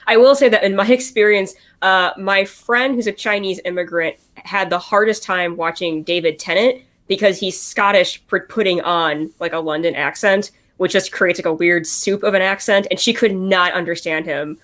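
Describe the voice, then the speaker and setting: A woman from the United States talks animatedly on a group podcast. Her speech is loose and casual, full of "like" and quick restarts. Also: medium pitch. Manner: animated, lots of "like" fillers. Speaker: podcast panelist.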